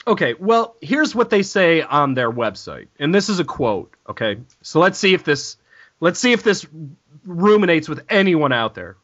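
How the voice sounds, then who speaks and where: Sarcastic podcast host, male, animated delivery, dull lo-fi recording. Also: fairly high pitch, moderate pace. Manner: sarcastic, profane, reads quotes in mock-preacher voice. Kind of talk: casual comedic podcast chat.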